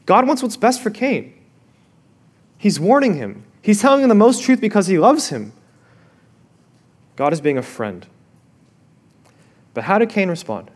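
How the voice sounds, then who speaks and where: Pastor guy preaching, high voice, really lively up and down, talks right to you. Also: moderate pace, long pauses. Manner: expressive, swings from loud to hushed; addresses the listeners directly with questions. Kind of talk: sermon.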